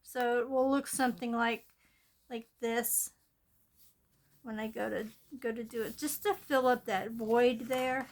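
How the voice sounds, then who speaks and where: A woman running a coloring channel films herself on a phone from above at her craft table, casually showing off her coloring plans. Her slightly high voice stays steady at a measured pace as she meanders with fillers and restarts.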